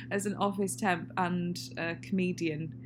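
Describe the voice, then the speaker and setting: A woman's voice: fairly low pitch, fairly even intonation, a little slow. Chatty woman, laughing often. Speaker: podcast co-host. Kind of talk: casual chat. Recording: faint hum and noise.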